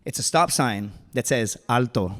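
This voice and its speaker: A man's voice: fairly high pitch, brisk, a little hiss or hum. A man in his thirties telling a true story on stage, casual and joking, with slangy asides and chuckles. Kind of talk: live personal storytelling. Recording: reverberant hall.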